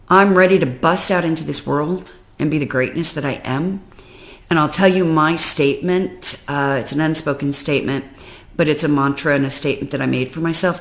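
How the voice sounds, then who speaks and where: Gravelly woman venting her frustrations. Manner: emotional, venting, swings from low and weary to loud and exasperated. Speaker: personal development vlogger. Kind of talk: candid personal storytelling.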